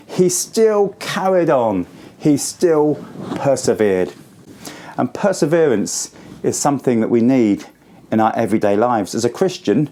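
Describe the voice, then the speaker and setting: A man in his forties giving a school assembly talk, telling a story to children in simple, lively words. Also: medium pitch. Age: 40s.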